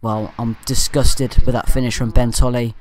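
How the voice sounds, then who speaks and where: A man talks over match footage in a loose, chatty commentary style. He drifts into jokey asides and corrects himself as he goes, at an ordinary mid-range pitch. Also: level tone, moderate pace, darkish tone. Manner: rambling and jokey, with off-topic asides and self-corrections. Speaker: fan channel match commentator.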